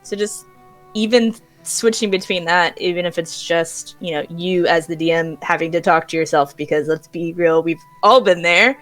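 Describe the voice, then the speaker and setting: A woman as a guest on a casual roundtable, lively and laughing between words. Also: on the low side, moderate pace, faint music behind. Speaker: guest streamer.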